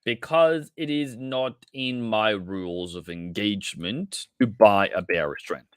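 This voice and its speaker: A man's voice: fairly low pitch, a little slow, a bit bright, clear, resonant tone, dry recording, studio quality. A man hosting a casual live trading stream, chatting directly with viewers and calling them mate and brother. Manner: chatty, addresses viewers directly, many restarts.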